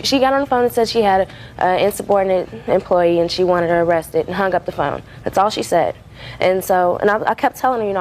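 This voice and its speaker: A woman's voice: medium pitch, slight background noise, poor audio. A woman defendant telling her side in court, rambling and full of fillers and restarts. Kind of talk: courtroom testimony.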